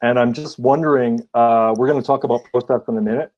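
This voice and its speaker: A man interviewing an author as a fellow writer, speaking in a halting, thoughtful way with many hesitations. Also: mid-range voice, steady tone, a little mellow, muffled recording. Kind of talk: casual interview.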